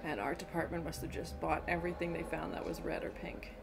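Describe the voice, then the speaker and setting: A woman hosting a casual movie reaction, chatting and exclaiming loudly at scary scenes. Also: low voice, fairly even intonation, fast talker, gravelly, background noise. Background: movie soundtrack playing.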